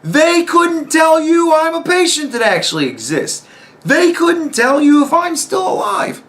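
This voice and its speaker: A man's voice: very high voice, sing-song, a little slow, a bit bright. A man giving ranting personal commentary as host, exasperated and profane, firing off rhetorical questions.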